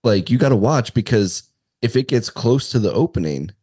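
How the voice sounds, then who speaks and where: A man guesting on a casual adult podcast, talking in an easygoing, halting way with lots of fillers. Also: medium pitch, expressive, warm tone, slightly rough, no echo, clean studio sound.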